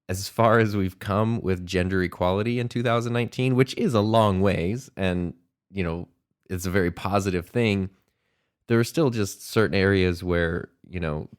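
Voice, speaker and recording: A man hosting a solo podcast, talking in a reflective, rambling way with frequent small laughs. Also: low-pitched. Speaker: podcast host and teacher. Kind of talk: casual solo podcast monologue.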